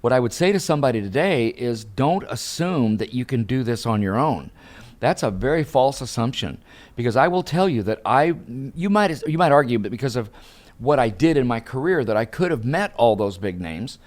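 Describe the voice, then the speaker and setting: A man's voice: mid-range voice, moderate pace. An older man, a guest and professional speaker, telling a story in an interview and acting out the dialogue. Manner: animated storyteller, acts out dialogue.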